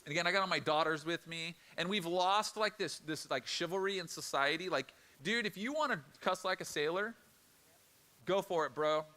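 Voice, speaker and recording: A middle-aged male pastor preaching a sermon, telling a personal story in an animated, conversational way and acting out the quoted lines. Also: on the high side, normal speed.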